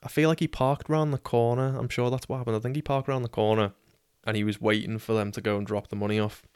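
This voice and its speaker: A man's voice: mid-range voice, flat delivery, fast talker, a little mellow, smooth, dry recording, studio quality. A man in his twenties with a British accent, telling a personal story casually, sweary and self-deprecating. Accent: British English. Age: 20s.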